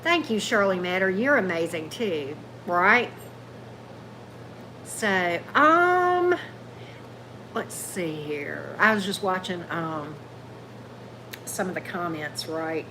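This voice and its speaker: A chatty woman hosts a casual tarot livestream from a table at home. Her voice is getting hoarse from long talking, and she reads out viewers' comments and thanks them. Faint room noise sits behind her. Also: expressive, takes it slowly, pauses often, sharp tone. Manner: chatty, reads out comments, calls her dog in a high coaxing voice. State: going hoarse. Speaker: tarot reader hosting a livestream. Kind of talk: casual live chat with viewers.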